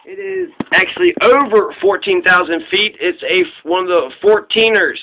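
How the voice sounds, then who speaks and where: Host, male: high, bright voice, loose profane rambling through trivia answers. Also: expressive, normal speed, a little hiss or hum, rough recording. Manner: puts on gruff voices to act out quoted people. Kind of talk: casual solo trivia talk.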